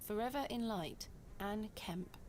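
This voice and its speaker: A woman with a British accent voicing a composed female investigator in a video game, speaking in a measured, reserved way. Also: mid-range voice, a little mellow, slight background noise, natural voice. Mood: calm. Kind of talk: video game character dialogue.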